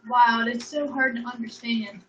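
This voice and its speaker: A woman's voice: on the high side, flat delivery, moderate pace, a bit bright. A young woman chatting casually on a livestream, rambling, joking and swearing freely. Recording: echoey room, distant mic, dull sound.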